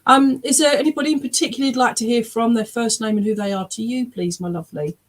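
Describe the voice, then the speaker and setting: A woman's voice: on the high side, quick pace. An English woman, a spiritualist medium, giving readings at an online church service from her webcam, often checking in with "all right?" and "okay?". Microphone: webcam on a video stream.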